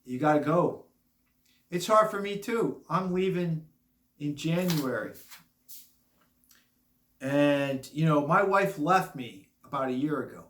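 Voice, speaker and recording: A man's voice: a little high, lively intonation, slow pace, pauses often, a bit bright, reverberant. A man in his fifties, a little drunk, giving blunt, rambling warnings in a casual monologue. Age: 50s. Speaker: vlogger.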